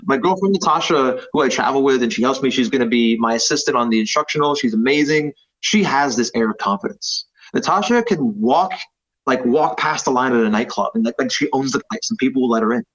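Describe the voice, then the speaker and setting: A brisk, fairly bright, medium-pitched voice with lively intonation belongs to a jiu-jitsu instructor in his thirties. He's a podcast guest in a casual conversation, rambling, self-deprecating and filler-heavy. The audio is slightly dull.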